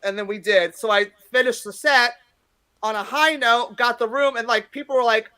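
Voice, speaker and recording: A woman's voice: on the high side, fairly even intonation, moderate pace. A woman comedian in her fifties, a guest telling stories in a brash, profane way and acting out what people said. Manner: brash, profane, acts out quotes loudly. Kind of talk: casual interview storytelling.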